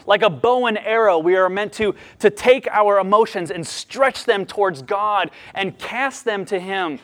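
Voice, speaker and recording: Pastor, male, high voice, expressive sermon delivery with lively swings in tone. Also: a little slow. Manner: expressive preaching, lively rises and drops.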